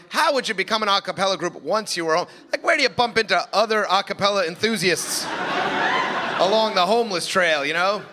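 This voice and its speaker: A man in his thirties with a New York accent, doing a stand-up set with sarcastic, biting jokes before a laughing club crowd. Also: sits high. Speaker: stand-up comedian. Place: comedy club stage with laughing audience. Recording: echoey club with crowd noise.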